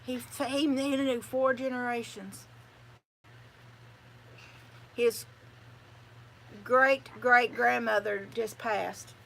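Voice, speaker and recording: Slow-talking older woman. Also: fairly high pitch, steady tone, creaky, fairly bright tone, slight background noise. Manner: rambling, chatty, folksy. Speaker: channel host. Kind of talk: casual livestream chat.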